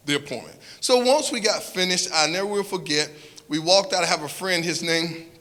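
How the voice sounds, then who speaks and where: Southern US man, earnest storyteller, repeats himself, sharp forceful tone, long hall reverb. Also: high voice, normal speed. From Southern United States. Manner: earnest, repeats and restarts phrases, swings between hushed and loud. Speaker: speaker telling a personal story. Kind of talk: emotional personal storytelling to an audience.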